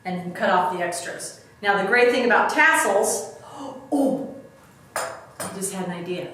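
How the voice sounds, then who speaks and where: Animated and fairly bright, a middle-aged woman with a medium-pitched voice talks at a moderate pace as she casually leads a step-by-step craft demo. As a DIY expert, she's chatty and self-deprecating; the distant mic picks up an echoey room and faint background noise.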